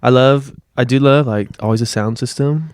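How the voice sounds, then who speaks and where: A man's voice: mid-range voice, moderate pace, clean tone, dry recording, clean studio sound. A man from Dallas, Texas, a musician guesting on a podcast, telling stories in a laid-back, wry, rambling way. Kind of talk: casual chat.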